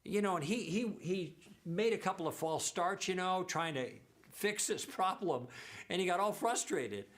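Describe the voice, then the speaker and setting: A man's voice: high voice, animated, normal speed, a bit bright. A middle-aged man teaching a church lesson, telling stories and acting out the dialogue as he goes. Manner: anecdotal, acts out quoted dialogue.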